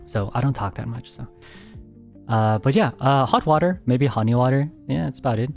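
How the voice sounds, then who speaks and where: A man streamer answering viewer questions in a soft, hesitant casual chat, speaking very close to his mic at home. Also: mid-range voice, moderate pace, vocal fry, faint music behind. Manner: soft-spoken, hesitant, many restarts.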